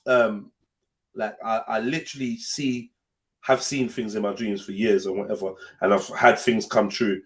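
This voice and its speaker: A man's voice: lowish voice, normal speed. A young man, telling a personal story in casual podcast chat, swearing freely and acting out the voices of the people in it. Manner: animated, swears freely, acts out voices in his stories. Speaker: podcast host.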